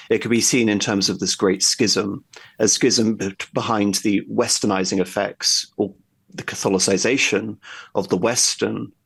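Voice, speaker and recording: Gravelly low-voiced man explaining history. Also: fairly bright tone. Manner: discursive, lecturing, thinks aloud while explaining. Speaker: guest discussing history.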